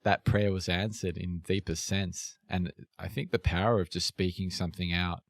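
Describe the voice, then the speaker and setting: Male host, deep monotone voice, dry close sound, thoughtful. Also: normal speed, no room sound. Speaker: podcast host. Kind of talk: casual interview chat.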